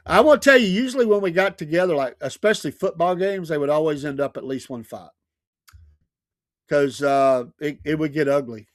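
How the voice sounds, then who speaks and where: A man's voice: fairly high pitch, measured pace, pauses often, dry recording, clean studio sound. Chuckling man host spinning stories. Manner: laughs often while telling stories. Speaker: radio show host. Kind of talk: casual storytelling chat.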